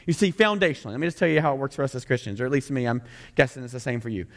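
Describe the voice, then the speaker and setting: A man's voice: mid-range voice, expressive, very fast. A male pastor preaching a sermon in a conversational way, often mimicking sarcastic voices to make his point. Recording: long hall reverb.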